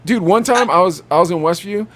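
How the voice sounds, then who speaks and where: A young man co-hosting a podcast, telling animated stories about customers at his vape shop and acting out what they said. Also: high voice, brisk. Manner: animated storytelling, acts out customers. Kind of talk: casual chat.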